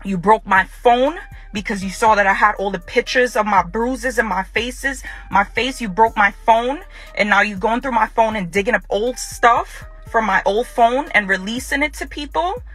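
A woman addresses the camera in a bright, forceful tone with a husky edge. She speaks to her former partner in confrontation and hammers her points home by saying them twice. Faint music plays underneath. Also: on the high side, moderate pace. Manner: confrontational, repeats her phrases.

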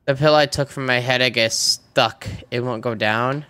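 A man's voice: medium pitch, fairly even intonation, pushed and bright, clean tone. Blunt young man in gaming voice chat. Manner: blunt, swears casually, quick bursts of questions. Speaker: streamer playing a multiplayer game.

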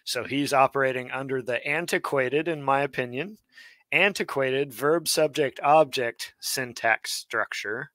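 A man of middle pitch teaches grammar in a live online lesson, his voice recorded close and dry. He is playful, slipping in puns and jumping in with comments. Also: bright, forceful tone, no room sound. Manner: playful, quick to interject and pun. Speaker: co-host teaching Biblical Hebrew.

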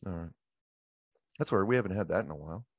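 Animated man host, low dry voice. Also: fast, dry recording. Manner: animated, rambling anecdotes with repeated "he goes". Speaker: show host. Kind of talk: casual storytelling chat. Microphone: handheld microphone.

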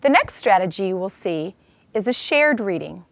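A woman giving steady, explanatory scripted narration for an instructional program. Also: medium pitch, moderate pace, dry recording.

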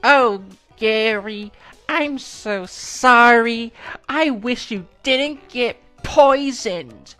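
A man putting on the voice of a grieving, high-pitched young cartoon sponge boy who wails slowly. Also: bright, forceful tone, clean tone, soft background music, exaggerated voice. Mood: sobbing.

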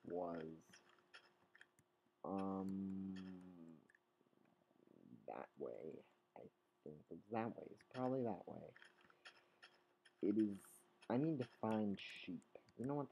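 A man's voice: low voice, dark tone, lo-fi sound, slight background noise. A young man rambling goofily to himself while commentating his own video game play. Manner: goofy, rambling, talks to himself. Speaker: gaming channel host.

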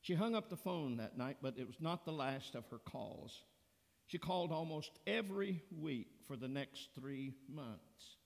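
A man preaching a sermon as pastor, telling a story slowly and deliberately. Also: on the high side, vocal fry. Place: church sanctuary. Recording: long church reverb.

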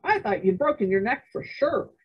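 An earnest, anxious teenage brother, put on by a woman reading aloud, pitched well above her own voice. He explains himself in a careful, eager way with a breathy tone. The recording is dull and lo-fi. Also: animated, moderate pace.

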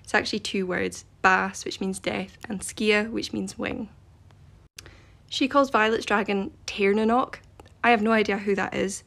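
Gravelly, blunt woman ranting. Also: medium pitch, steady tone, moderate pace, a bit bright. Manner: blunt, exasperated, emphatic. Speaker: social media creator. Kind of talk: ranting video commentary.

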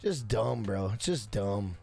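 Loud, brash male game streamer. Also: fairly low pitch, expressive, takes it slowly, vocal fry, faint music behind. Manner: loud, yells to be heard; brash and profane, reads chat aloud. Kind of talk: casual live-stream chat.

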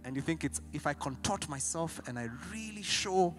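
A Kenyan pastor preaching with animated storytelling, his voice fairly high and very bright. He jumps from loud excitement to quiet, pointed emphasis. Faint music plays behind him. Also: normal speed. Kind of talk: sermon.

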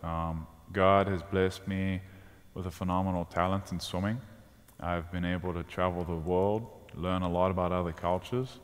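Deep-voiced young South African man. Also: flat delivery, normal speed. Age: 20s. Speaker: guest swimmer. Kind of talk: stage interview. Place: church sanctuary. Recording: long reverb of a large hall.

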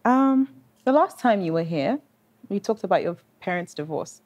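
Actress as a gentle therapist, professional manner. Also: female voice, medium pitch, lively intonation, normal speed, a little hiss or hum, close to an everyday voice.

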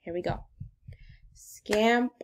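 A woman's voice: mid-range voice, a little slow, slight background noise. A woman teacher giving a phonics lesson to young children in an upbeat, sing-song way.

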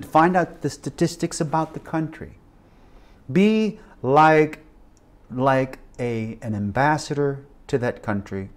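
Man in his 50s, missions teacher, animated storytelling, preacher-like emphasis, mid pitch. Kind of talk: lecture with a personal testimony.

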